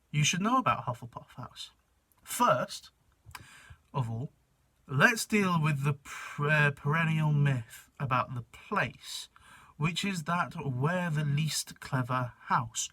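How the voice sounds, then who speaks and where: A polished, welcoming English school prefect, as a man puts on the voice. The delivery is mock-formal and measured, like a recited welcome speech. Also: fairly high pitch, expressive, pushed and bright, no room sound, exaggerated voice.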